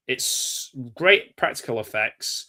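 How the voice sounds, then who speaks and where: An English man talks film in a loose, meandering way, circling back on himself and joking at his own expense. His voice is bright and forward. It's a relaxed, casual podcast chat. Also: mid-range voice. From England. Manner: rambling, self-deprecating, quick jokes. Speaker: podcast co-host.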